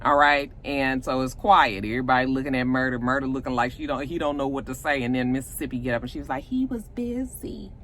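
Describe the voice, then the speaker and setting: A woman from Georgia, casually recapping a TV episode and acting out the characters' lines in quick voices. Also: rumbling low, fairly even intonation, fairly bright tone, slight background noise. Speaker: TV recap vlogger.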